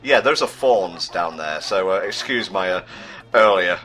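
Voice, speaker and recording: Bright-toned, chatty British man. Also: low voice, animated, a little slow, soft background music. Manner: chatty, sardonic, stumbles hunting for words. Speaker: let's play commentator. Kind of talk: casual gaming commentary.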